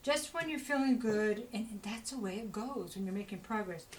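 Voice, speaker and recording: Here a woman with a mid-range voice gives a casual spoken tarot reading at normal speed. Chatty and rambling, she fills it with "you know" and addresses the listener directly in an encouraging way, over poor audio with a bit of hiss or hum.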